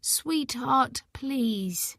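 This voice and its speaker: A woman voicing a gentle, grieving mother in her seventies who pleads softly and tearfully with her daughter. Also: high voice, lively intonation, drawn-out words, creaky, no room sound, studio quality, exaggerated voice. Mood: pleading.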